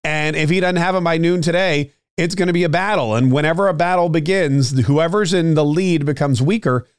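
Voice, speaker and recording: A man's voice: on the high side, a little fast, clear, resonant tone, dry recording, studio quality. Opinionated man hosting a solo political show. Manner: opinionated, talks straight to listeners with frequent fillers and restarts. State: clearing his throat, slightly choked up. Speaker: political podcast host.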